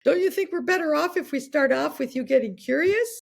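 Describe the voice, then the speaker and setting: A woman in her sixties, a podcast guest, explaining ideas through worked examples in a relaxed conversational way. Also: sits high, fairly quick, vocal fry. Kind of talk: conversational interview.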